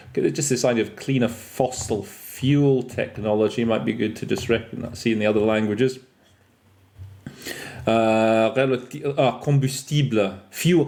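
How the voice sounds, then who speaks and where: Creaky and darkish at a medium pitch, the male host talks through interpreting vocabulary on a podcast. He trains interpreters, lives in France, and keeps it chatty and self-correcting while weaving in French and Russian words.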